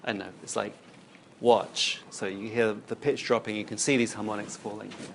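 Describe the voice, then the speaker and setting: A man's voice: fairly low pitch, steady tone, fast, vocal fry, a little hiss or hum. A man giving a recorded university lecture, explaining while he demonstrates on screen and thinks aloud.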